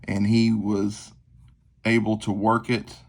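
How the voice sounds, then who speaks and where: Gravelly man showing off gear. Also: lowish voice, flat delivery, takes it slowly. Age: 40s. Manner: rambling, self-deprecating, filler-heavy. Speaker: knife collector vlogger. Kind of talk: casual show-and-tell. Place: tabletop at home.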